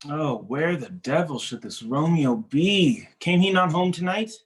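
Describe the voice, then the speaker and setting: A man's voice: fairly high pitch, measured pace. Guy reading a cheeky young nobleman who never stops joking, cold read over a video call. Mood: mocking. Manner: playful, teasing, animated wordplay. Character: witty, mocking young male nobleman. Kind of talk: cold read of a stage play.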